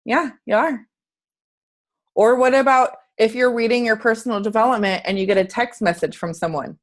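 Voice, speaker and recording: A woman's voice: on the high side, fairly even intonation, fairly quick. A woman fitness coach giving an earnest, chatty motivational talk on a group video call, asking her listeners questions.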